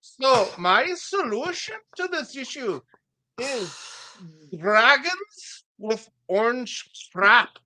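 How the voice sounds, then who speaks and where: A woman voicing a self-important male town official in a put-on foreign accent, declaiming grandly in a high voice. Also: big pitch swings, extremely slow, pushed and bright, exaggerated voice. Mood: grandiose.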